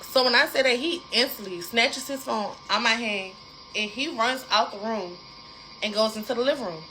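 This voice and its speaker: A young woman spins a dramatic storytime straight to her viewers, talking in a lively, repetitive way with a fairly high voice. A faint hiss sits under the recording. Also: moderate pace, rough recording. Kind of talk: casual storytime.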